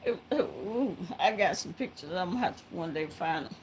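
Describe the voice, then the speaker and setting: A woman telling a story to viewers in a halting, casual way, breaking into frequent laughter. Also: on the low side, lively intonation, slight background noise, rough recording. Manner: laughs often, halting with many fillers.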